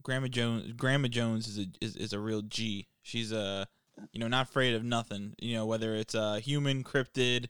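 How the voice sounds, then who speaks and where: A young man co-hosting a podcast, wisecracking in a halting, filler-filled way. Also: mid-range voice, steady tone, fairly bright tone, clean tone, dry recording, studio quality. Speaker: podcast co-host. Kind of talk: casual joking chat.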